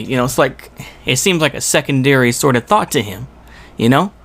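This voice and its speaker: A man's voice: mid-range voice, expressive, fast talker, fairly bright tone. A man giving rambling reaction commentary on a video, exasperated and full of rhetorical asides.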